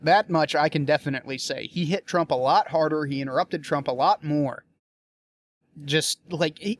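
A man's voice: fairly high pitch, a little hiss or hum. A young man with a slightly raised voice rants casually, swearing freely. He talks bluntly and sounds exasperated, stumbling and restarting his sentences as he thinks aloud. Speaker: political commentator. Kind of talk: casual political rant.

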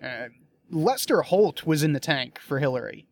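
A man's voice: a little high, sing-song, moderate pace, gravelly. A young man with a slightly raised voice rants casually, swearing freely. He talks bluntly and sounds exasperated, stumbling and restarting his sentences as he thinks aloud. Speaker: political commentator. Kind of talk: casual political rant.

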